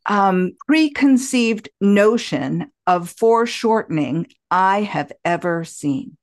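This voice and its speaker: A woman in her sixties hosting a podcast interview, telling personal stories in an animated, expressive way. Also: medium pitch, slow. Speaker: podcast host. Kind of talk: conversational storytelling interview.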